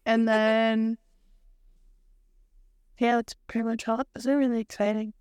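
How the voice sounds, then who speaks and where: A young woman co-hosting a podcast, speaking hesitantly in casual chat with frequent pauses and ums. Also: a little high, little pitch movement, clean tone, no echo, clean studio sound. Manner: hesitant, soft-spoken, many "um"s. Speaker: podcast co-host.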